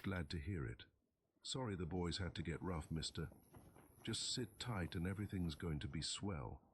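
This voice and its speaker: A cocky, harsh-tongued gang leader firing off 1930s tough-guy slang, voiced by a man reading a pulp tale. The delivery sits low in pitch, and keyboard clicks run under it the whole time. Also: moderate pace, slight background noise, lightly acted. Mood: smug. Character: slim male gangster boss, cocky and harsh.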